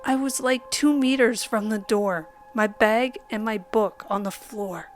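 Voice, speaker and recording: Female horror narrator, unhurried and dramatic, slips into whispers, light music underneath. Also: fairly high pitch. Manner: measured, dramatic reading that drops to a whisper at times. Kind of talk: scripted horror story narration. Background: faint background music.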